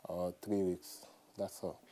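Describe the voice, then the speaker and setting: A young Nigerian man with a Nigerian accent, a musician guest in a casual interview, telling animated stories and acting out quotes. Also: low voice, slow. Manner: animated storyteller, acts out quotes, repeats "you understand".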